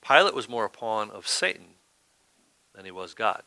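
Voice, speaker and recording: A man's voice: on the low side, sing-song, moderate pace, creaky, pushed and bright, clean tone, no room sound. A man preaching a sermon as pastor, talking in a conversational way and often asking "right?".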